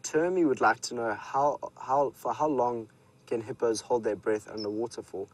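A man with a South African accent presenting a live safari, telling stories and chatting with viewers in a relaxed way. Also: mid-range voice, normal speed, rough recording. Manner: relaxed storytelling, speaks to viewers. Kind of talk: live wildlife commentary. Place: outdoors in the bush.

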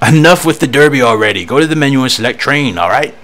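A dry, teasing older horse trainer from a handheld game, put on by a man. He scolds in a slightly raised, bright voice. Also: medium pitch, lively intonation, fast, pitched above the performer's own voice, natural voice. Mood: scolding.

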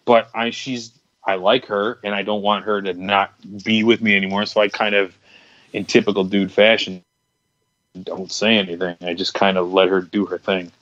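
A man's voice: on the low side, flat delivery, normal speed, a bit bright, no echo. Young guy rambling thru a crude story, dry kinda dull sound. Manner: rambling, candid, crude storytelling with many restarts. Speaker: podcast co-host. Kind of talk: casual storytelling chat.

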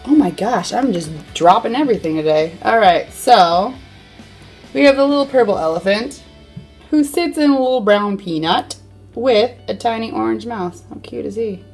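A woman's voice: on the high side, expressive, moderate pace, a little mellow, slightly rough, faint music behind. A woman hosting a toy unboxing, chatting casually in a playful way and tossing in silly sound effects.

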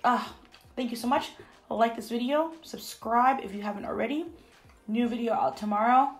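A woman's voice: fairly high pitch, moderate pace, low-quality recording. A young woman in her twenties, chatting casually for a food vlog, eating between sentences and saying "like" constantly. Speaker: food vlogger. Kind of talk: casual mukbang chat while eating. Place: bathroom at home.

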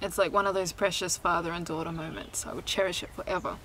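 A woman's voice: on the low side, steady tone, fast, few pauses, fairly bright tone, slight background noise, rough recording. A young woman chatting candidly to camera outdoors in a vlog, laughing often and swearing casually. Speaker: vlogger and singer. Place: outdoors in sunshine.

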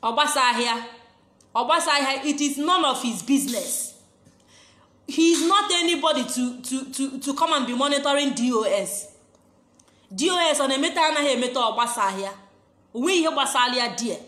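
A woman's voice: high voice, lively intonation, a little fast, bright, forceful tone. A woman with a Nigerian accent hosting a live-stream talk show, outspoken and switching between languages. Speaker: host. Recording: echoey room.

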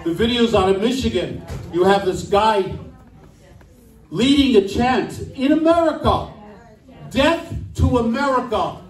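A man's voice: high voice, animated, measured pace, distant mic. Emphatic New man speaking in an echoey room. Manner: emphatic, rhetorical questions, indignant. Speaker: speaker at a political club. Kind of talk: political speech. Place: club meeting room.

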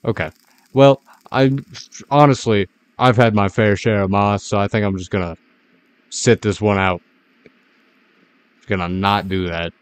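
A man giving rambling, jittery, self-mocking commentary as a gaming YouTuber playing a horror game. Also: low voice.

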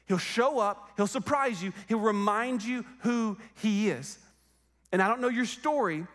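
A man with a high voice preaches in a church sanctuary. He tells the story casually, full of fillers and asides to the room. The tone stays conversational rather than formal. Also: unhurried, fairly bright tone. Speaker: pastor. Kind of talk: sermon.

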